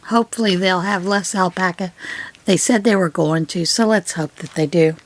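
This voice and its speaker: A middle-aged woman hosting her own yarn channel, chatting through her mail in an unhurried, rambling way with many pauses and fillers. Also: fairly low pitch, slight background noise. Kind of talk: casual unboxing chat.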